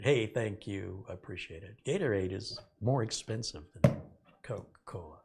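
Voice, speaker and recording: A man's voice: on the low side, lively intonation, moderate pace, creaky, darkish tone, slightly rough. A middle-aged man hosting a casual live stream, sarcastic and rambling, reading out viewer donations.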